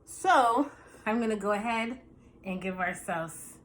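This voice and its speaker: Chatty woman vlogger, relaxed tasting talk, mid-pitched voice, faint background hum. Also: unhurried. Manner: chatty, savoring, relaxed with fillers. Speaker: wine pairing vlogger. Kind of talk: casual tasting talk to camera.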